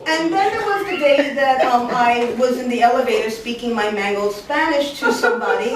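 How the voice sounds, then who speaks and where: A Puerto Rican woman in her forties, from a Puerto Rican family, tells a comic story live on stage with animated energy, acting out the voices of the people involved. Her voice is fairly high at a normal speed, picked up by a distant mic in an echoey room with a little hiss or hum.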